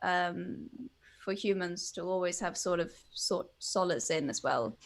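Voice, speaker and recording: A woman's voice: fairly low pitch, a little slow, gravelly. A young woman from Sweden, a native Swedish speaker, co-hosting a casual chat in English, chatty with easy laughs and trailing restarts. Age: young adult. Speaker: podcast co-host.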